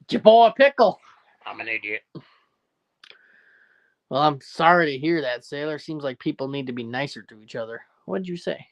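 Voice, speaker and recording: A man's voice: a little high, expressive, normal speed, pauses often. A man with a Newfoundland accent hosting a casual livestream, reading out viewer comments and rambling jokily with frequent laughter. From Newfoundland, Canada. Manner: rambling and jokey, laughs often. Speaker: livestream host.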